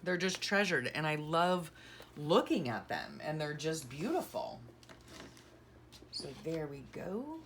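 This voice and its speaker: A middle-aged woman vlogger sorts her craft keepsakes while chatting casually and sentimentally, gushing and rambling as she declutters. Her low voice is sing-song, slow, and a bit bright, with slight background noise behind it.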